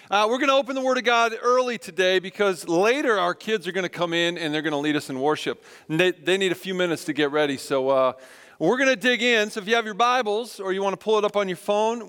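In a church sanctuary with long reverb, a male pastor in his thirties preaches in a high, smooth, resonant and fairly bright voice. He tells a self-deprecating story, animatedly acting out the lines of the people in it.

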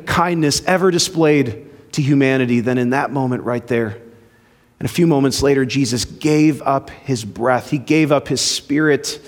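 A male pastor preaching a sermon, swinging between loud emphasis and hushed low lines and acting out the voices he quotes. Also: long reverb tail.

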